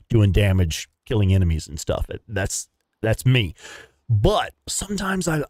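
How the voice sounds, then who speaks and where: A man's voice: fairly low pitch, a little mellow, no echo, clean studio sound. A young man, chatting casually with viewers while livestreaming a game and swearing now and then. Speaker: livestream gamer.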